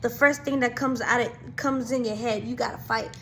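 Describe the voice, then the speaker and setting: A young adult woman casually telling a storytime, animated and slangy, rambling quickly through events. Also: fairly high pitch, a little hiss or hum. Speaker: vlogger.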